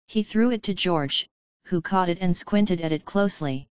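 A woman narrating a story in a steady, even reading voice. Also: on the low side, normal speed, clear, resonant tone, no room sound, highs cut off. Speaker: audiobook narrator. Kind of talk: scripted narration.

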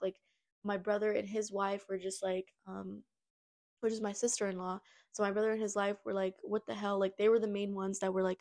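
A young woman talks casually into her own podcast, with a voice of ordinary middle pitch. She tells her story bluntly and swears freely. Her talk rambles and is full of "like" and restarts. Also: vocal fry. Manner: rambling, heavy use of "like" and restarts. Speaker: podcast host. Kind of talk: casual personal storytelling monologue.

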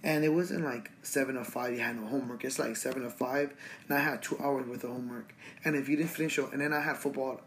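A man's voice: mid-range voice, steady tone, fast talker, a bit bright, slight background noise. A man in his twenties from Los Angeles, casually telling a rambling story full of fillers and swearing. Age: 20s. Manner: rambling, profane, lots of fillers and restarts.

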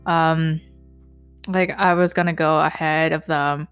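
A woman's voice: deep voice, flat delivery, slow pace, clear, resonant tone. Indignant woman ranting with faint music. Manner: indignant, profane, lots of fillers. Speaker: vlogger recounting an incident. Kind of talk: casual storytelling rant.

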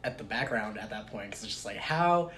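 A man chatting casually, rambling with many fillers and often trailing off quietly. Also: lowish voice, animated, brisk, a little hiss or hum. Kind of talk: casual chat.

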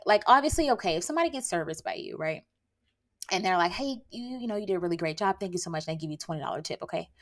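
A woman's voice: medium pitch, fairly bright tone. A woman in her late twenties hosting a casual solo podcast, talking emphatically and laughing often. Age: 20s. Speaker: podcast host and beauty tattoo artist.

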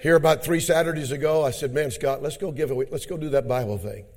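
Fiery preaching man. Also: fast. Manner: storytelling, swings from low and quiet to loud shouted exhortation. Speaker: pastor. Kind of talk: sermon. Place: church conference hall.

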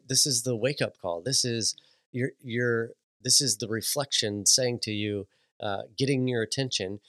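A man hosting a podcast, telling a casual story with animated delivery, frequent laughs and many restarts. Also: mid-range voice, dry recording. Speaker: podcast host.

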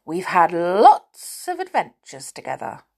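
A friendly storybook boy, read by a woman, calm and patient as he explains. His voice stays unhurried, with a lively lift in the pitch. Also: heavily acted.

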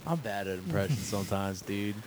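A man's voice: on the low side, animated, fairly quick, darkish tone, poor audio. A young man co-hosting a podcast in casual chat, blunt and joking, swearing freely, with faint noise behind. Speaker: podcast co-host.

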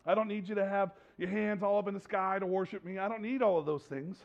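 A man in a sermon putting on Jesus, kind and reassuring, talking casually like a friend. His voice sits high with a gravelly edge. The recording sounds dull and lo-fi. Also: fairly even intonation, quick pace. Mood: gentle.

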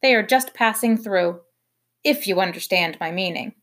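A woman voicing a nosy, bossy woman who talks loudly and accusingly. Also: mid-range voice, normal speed, natural voice. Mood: bossy, suspicious. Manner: loud, accusing.

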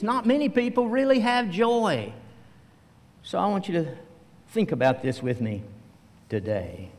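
Slow-preaching pastor in a reverberant hall. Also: male voice, high-pitched, a little mellow. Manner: slow storytelling, acting out quoted voices. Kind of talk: sermon. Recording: long reverb of a church hall.

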